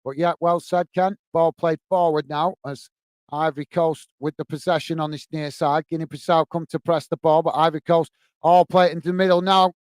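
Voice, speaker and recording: A man hosting a football watch-along, commentating on the match and chatting warmly with viewers in the chat. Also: a little high, fairly even intonation, brisk, no room sound. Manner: chatty, says "mate" a lot, reads chat messages aloud.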